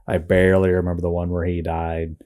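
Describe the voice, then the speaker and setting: A man's voice: sits low, monotone, fairly quick, warm tone. A man co-hosting a casual comics podcast, thinking aloud with fillers and restarts. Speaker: podcast co-host. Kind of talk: casual chat about comics.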